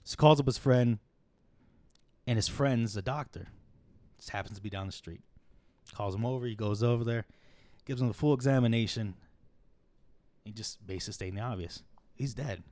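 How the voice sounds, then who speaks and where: A man's voice: medium pitch, moderate pace, pauses often, a little mellow, no room sound. A man hosting a podcast, retelling a story in a casual, rambling way, swearing freely and acting out the quotes. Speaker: podcast host.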